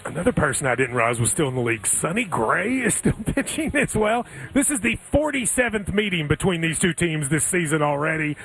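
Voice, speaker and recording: A man's voice: a little high, brisk, gravelly, hardly any pauses, a bit bright, breathy edge, faint music behind. A man hosting a sports radio show, bantering playfully about baseball picks. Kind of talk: casual sports betting chat.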